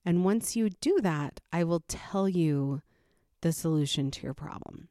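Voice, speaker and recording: Lady retelling a folk tale as a wise old village woman, knowing, lowish voice. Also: expressive, measured pace, warm tone, dry recording, studio quality.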